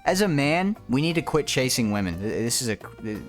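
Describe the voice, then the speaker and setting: A crude, blunt man in his twenties reacts to viewer comments. His voice sits at an ordinary middle pitch, and his tone swings between loud, mocking rants and low, dismissive mutters. Faint music plays in the background. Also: very animated, a little fast. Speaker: content creator.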